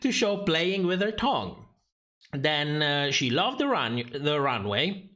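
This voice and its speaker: A man's voice: fairly high pitch, sing-song, takes it slowly, pushed and bright. A man giving sarcastic, profane livestream commentary on a drag competition show, often laughing mid-sentence.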